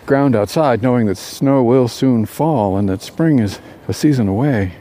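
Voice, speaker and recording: A man telling a parable aloud, unscripted, with halting restarts and fillers. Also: mid-range voice, mellow. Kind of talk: oral storytelling of a parable.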